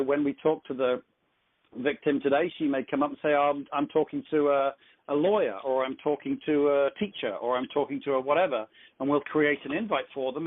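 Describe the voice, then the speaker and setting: A man with a somewhat high voice runs a business training call, coaching listeners in an upbeat, joking way. His voice comes through a tinny telephone line. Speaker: conference call host.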